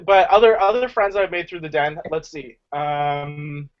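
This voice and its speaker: Over lo-fi video call audio, a channel co-host jokes and chats in a casual group video conversation, using lots of fillers. His voice is fairly high-pitched and his pace measured.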